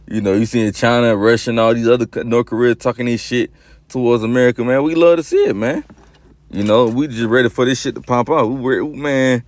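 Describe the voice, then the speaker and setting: Mid-pitched man giving a loose, street-level scripture talk with dry, close sound. He stretches the verses out slowly and keeps checking in with "you see". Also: darkish tone, no echo. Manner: slow, drawn-out emphasis on verses, peppered with "man" and "you see". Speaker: scripture preacher. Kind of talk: casual scripture commentary.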